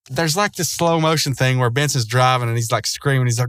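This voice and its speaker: A man loosely recapping a cartoon episode at a middle pitch, rambling along with plenty of fillers and soft chuckles. His voice sounds close and dry, with no room around it. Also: brisk, hardly any pauses, smooth, no room sound. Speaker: show recapper.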